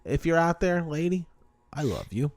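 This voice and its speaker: A man's voice: a little high, normal speed, no echo, faint music behind. A man hosting a podcast, telling joking stories in casual chat. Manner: joking, animated storyteller. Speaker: podcast host.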